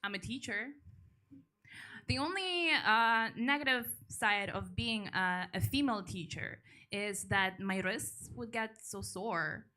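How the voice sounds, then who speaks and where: A woman's voice: medium pitch, takes it slowly, sharp tone. A woman doing stand-up and hosting a comedy show, playful and a little hesitant, with restarts. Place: comedy club stage.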